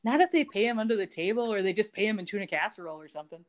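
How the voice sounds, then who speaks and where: A woman co-hosting a podcast, chatting casually and telling stories in an animated, teasing way. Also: mid-range voice, rapid-fire. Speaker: podcast co-host. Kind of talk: casual chat recapping a TV episode.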